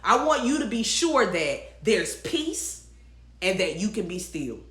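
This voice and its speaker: A woman's voice: mid-range voice, very animated, unhurried, a bit bright. A woman hosting a weekly livestream, giving an encouraging message in a casual, emphatic way, repeating her phrases and chatting back to viewers' comments. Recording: echoey room.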